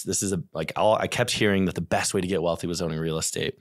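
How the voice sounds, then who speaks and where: A man in his thirties from the Midwest with a Midwestern accent, a chatty podcast guest telling his story with animated quoted asides. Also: sits low, fast talker, dry recording, clean studio sound. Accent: American Midwest. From St. Louis area, USA. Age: 30s. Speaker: podcast guest, real estate investor. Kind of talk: casual podcast interview.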